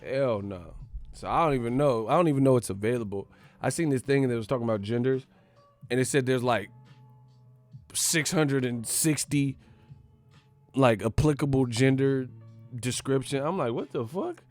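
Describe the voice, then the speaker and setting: A man's voice: mid-range voice, normal speed, pauses often, soft background music. Profane joking man ranting. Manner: profane, joking, rambling with laughs. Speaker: boxing channel host. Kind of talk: casual comedic rant.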